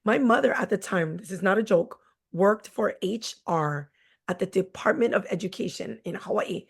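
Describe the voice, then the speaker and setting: A woman's voice: mid-range voice, moderate pace, creaky, breathy edge. A woman in her forties, a teacher, telling stories from her classroom in a candid, blunt and jokey way. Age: 40s. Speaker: teacher, guest. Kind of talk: candid conversational storytelling.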